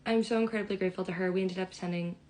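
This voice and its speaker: A young woman telling a storytime in an excited, rambling way. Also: mid-range voice, very fast, a little hiss or hum, rough recording. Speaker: vlogger.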